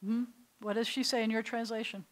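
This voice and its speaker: A woman's voice: fairly high pitch, level tone, fairly quick, low-quality recording. A middle-aged woman, a rabbi, teaching a beginners' Hebrew class to adults in a synagogue classroom and telling stories as she asks the class questions. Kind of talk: classroom lecture to adult learners.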